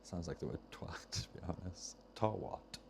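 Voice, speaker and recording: A man's voice: low-pitched, moderate pace, creaky, a little hiss or hum. A man casually chatting on a livestream while he solders, rambling and often losing his train of thought. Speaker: streamer repairing controllers.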